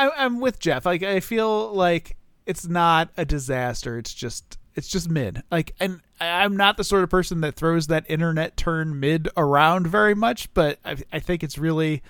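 A man's voice: fairly high pitch, moderate pace, a bit bright, clean tone, no room sound. Chatty man on a close dry podcast mic. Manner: rambling, laughing, filler-heavy. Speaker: podcast co-host. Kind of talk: casual chat.

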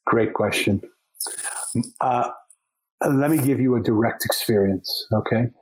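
A man's voice: mid-range voice, measured pace, husky, rough recording. A man, a podcast guest, telling a long story in conversation, often restarting and repeating words as he goes.

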